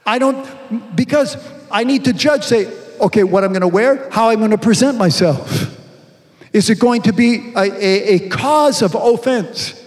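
A man preaching a sermon to a congregation, asking rhetorical questions and reading scripture slowly with emphasis. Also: high voice. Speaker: pastor. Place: church hall. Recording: long reverb from a large hall.

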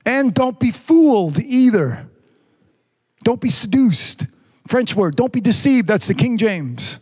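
Male preacher, very high voice, emphatic delivery studded with hallelujahs. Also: sing-song, a little mellow, breathy edge. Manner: emphatic, repeats phrases, frequent hallelujahs; stretches words out slowly for emphasis. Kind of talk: sermon.

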